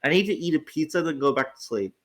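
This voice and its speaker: A man's voice: fairly high pitch, animated, fast, fairly bright tone. A tired, groggy man hosting a casual livestream, rambling, stammering on restarts and swearing freely. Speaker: host.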